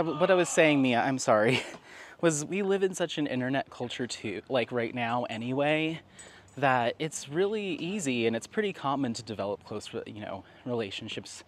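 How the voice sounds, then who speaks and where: A man's voice: medium pitch, a little hiss or hum. A man chatting casually with viewers while walking his dog in a park, laughing often. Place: outdoors in a park.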